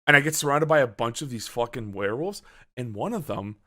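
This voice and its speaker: A man chatting on a podcast, telling a story in an animated way and acting out his own reactions, with a lot of swearing. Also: mid-range voice, brisk. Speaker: podcast host. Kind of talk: casual podcast chat.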